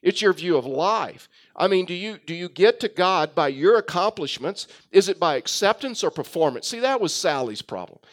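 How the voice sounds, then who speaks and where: A man's voice: high-pitched, expressive, normal speed, hardly any pauses. A man preaching a sermon, telling a story with frequent fillers and restarts. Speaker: pastor.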